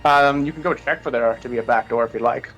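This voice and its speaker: A man narrating as game master of a tabletop game, halting with many fillers. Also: mid-range voice, a bit bright, faint music behind, low-quality recording.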